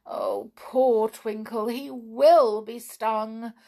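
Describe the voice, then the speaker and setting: A woman voicing a fretful male pixie in a storybook reading, hurried and urging. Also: a little high, steady tone, dark tone. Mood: sad. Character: fretful male pixie, bossy but kind.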